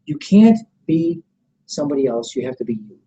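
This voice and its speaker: A middle-aged man leading a motivational sales training seminar. He coaches with energy, keeps checking that the room is following, and acts out sample pitches. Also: wildly swooping pitch, normal speed, warm tone, rough recording. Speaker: network marketing trainer.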